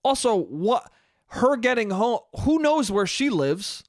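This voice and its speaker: A man's voice: extremely high pitch, sing-song, slow pace, dry recording, clean studio sound. Rambling, foul-mouthed young man. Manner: profane, rambling, self-interrupting. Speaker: podcast host. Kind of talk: solo comedic podcast monologue.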